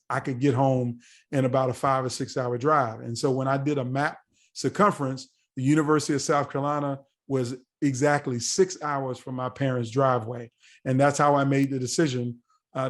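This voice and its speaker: A man in his forties, a podcast guest telling a story in a casual, animated way and acting out the dialogue. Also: medium pitch, brisk. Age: 40s. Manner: animated, acts out quoted dialogue.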